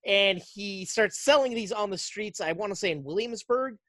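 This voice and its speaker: A podcast host casually recapping a movie plot, telling it in an animated way and slipping into quick character voices. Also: medium pitch, dry recording, clean studio sound.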